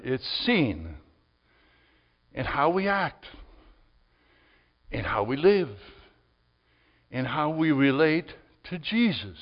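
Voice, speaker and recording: A male pastor preaching a sermon in a conversational style that rises to emphatic peaks. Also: sits high. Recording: dull audio with long hall reverb.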